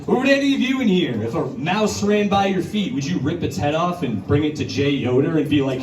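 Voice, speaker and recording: A male stand-up comedian doing a crude, conversational set at a brewery show, jumping into high, put-on voices to act out scenes. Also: sing-song, fairly quick, hardly any pauses, a crowd in the background. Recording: roomy bar recording from a distance. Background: audience laughter and bar ambience.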